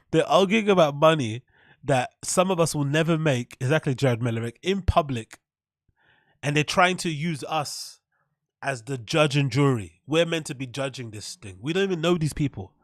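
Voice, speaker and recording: A man's voice: mid-range voice, no echo. Male podcast host, sarcastic, blunt, swearing, dry close sound. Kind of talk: casual rant reacting to a clip.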